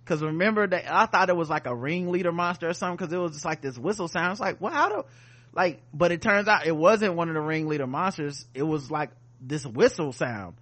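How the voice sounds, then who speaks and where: Profane, animated podcast man. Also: fairly high pitch, a little fast. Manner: profane, animated retelling of scenes. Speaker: podcast co-host. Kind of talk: casual episode review chat.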